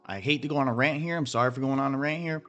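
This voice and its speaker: A man's voice: mid-range voice, rapid-fire, fairly bright tone, soft background music. Blunt, profane man ranting over charts. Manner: blunt, profane, emphatic, talks straight to viewers. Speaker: crypto trading channel host.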